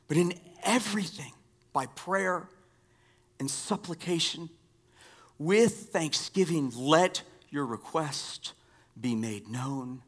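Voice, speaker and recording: A pastor giving a sermon, repeating key phrases and dropping from strong emphasis to near-whispers. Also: male voice, fairly high pitch, lively intonation, slow pace, long pauses. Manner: dynamic swings from loud emphasis to hushed near-whispers.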